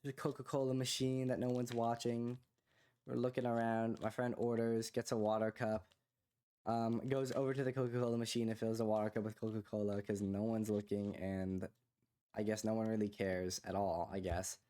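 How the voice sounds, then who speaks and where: A young man co-hosting a podcast, telling a long casual story full of fillers like "like" and "you know", rising in pitch when he quotes other people. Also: moderate pace. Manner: rambling, filler-heavy, animated when quoting others. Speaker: podcast co-host.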